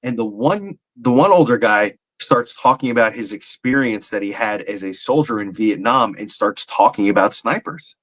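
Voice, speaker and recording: Low-voiced man. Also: expressive, moderate pace, hardly any pauses, a bit bright, no room sound, low-quality recording. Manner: earnest, rambling, frequent fillers. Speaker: paranormal medium, podcast guest. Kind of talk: casual podcast chat.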